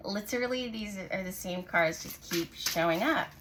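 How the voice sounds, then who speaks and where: A woman hosting her own channel, giving a casual tarot reading to camera in a soft, musing way, often pausing to say what she senses. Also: mid-range voice, noisy background. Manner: musing, intuitive, lots of "like" and "I just heard". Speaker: tarot reader and channel host.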